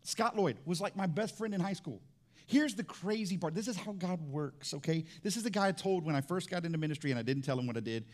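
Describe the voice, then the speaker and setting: A man's voice: high-pitched, animated, fast, darkish tone. A middle-aged man preaching a sermon as pastor, telling family stories in a conversational way and calling on the congregation for amens. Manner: conversational storytelling, calls for amens.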